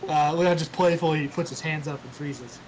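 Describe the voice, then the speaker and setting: A man playing a tabletop game, quick and offhand as he says what his character does. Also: a little high, fairly even intonation, background noise. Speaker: player. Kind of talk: casual tabletop play.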